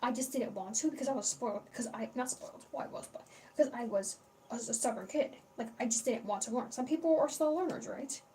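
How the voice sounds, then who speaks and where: A woman's voice: on the high side, a little fast, warm tone. A young woman hosting a casual livestream, rambling and chatty, swearing freely and greeting her chat as she talks. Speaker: livestream host. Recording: distant mic with faint background noise.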